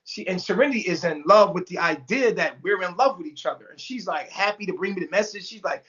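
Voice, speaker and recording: A man's voice: high voice, fast talker, few pauses, a bit bright, dull audio, a little hiss or hum. A man telling a story in casual talk, acting out every quote with big jumps in his voice and swearing freely. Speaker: storyteller guest. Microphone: remote call mic.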